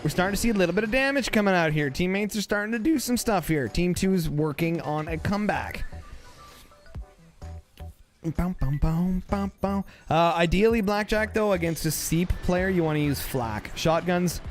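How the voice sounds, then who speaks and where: A man giving excitable play-by-play commentary on a strategy game, often repeating short calls. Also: high voice, a little fast, few pauses, faint music behind. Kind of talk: live gameplay commentary.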